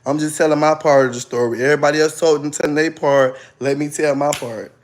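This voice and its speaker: Guy on a live stream spilling his story, dramatic and loud at times, kinda high voice. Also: fast. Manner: animated, dramatic, loud outbursts. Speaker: livestreamer. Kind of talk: livestream storytelling to viewers.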